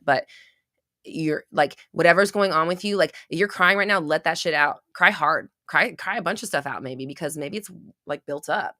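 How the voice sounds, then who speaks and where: A woman's voice: sits low, moderate pace, bright, forceful tone. A woman hosting a livestream who answers chat questions, talking bluntly with swearing, restarts and rambling asides. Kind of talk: casual livestream advice talk.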